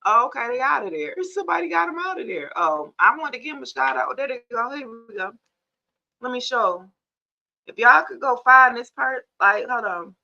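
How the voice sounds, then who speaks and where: A woman's voice: on the high side, normal speed, gravelly. A woman from Georgia, chatting casually and animatedly with viewers as a tarot live-stream host. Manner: chatty and animated, addresses viewers as y'all, laughs often. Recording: somewhat dull lo-fi live-stream audio.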